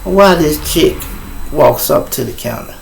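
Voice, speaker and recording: A middle-aged man with a Chicago accent, hosting his show and telling a profane, animated story in a casual way. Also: on the high side, a little slow, vocal fry. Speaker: show host. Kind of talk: storytelling on a livestream.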